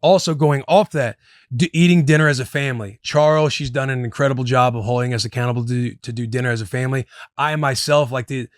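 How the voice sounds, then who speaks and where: A man's voice: mid-range voice, fast, dry recording, clean studio sound. A man in his thirties hosting a podcast, giving advice in loose, casual chat and calling himself "your boy". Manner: loose and chatty, calls himself "your boy", speaks to listeners as "boys". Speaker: podcast host.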